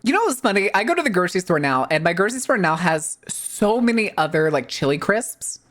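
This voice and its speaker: Animated woman chatting on a live stream. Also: medium pitch, fairly quick. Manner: rambling, animated, swears freely, many "like" fillers. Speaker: VTuber streamer. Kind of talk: casual live-stream chat.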